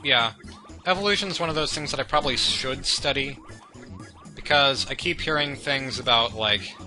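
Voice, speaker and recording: A man's voice: medium pitch, moderate pace. A young man giving meandering, self-deprecating commentary over gameplay, drifting into chatty tangents. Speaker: let's play commentator. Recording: game music under the voice. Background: game music.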